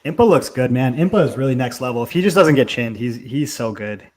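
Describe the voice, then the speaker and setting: Co-hosting a fight watch-along, a young man with a mid-range, slightly mellow voice talks a little fast with lively intonation. He keeps the live commentary casual, swearing freely and using lots of fillers.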